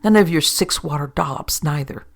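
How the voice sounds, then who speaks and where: A woman voicing a bossy, menacing dead sailor who was hanged, barking coarse orders in a gruff voice with a creaky, husky edge. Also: low-pitched, normal speed. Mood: gruff, commanding.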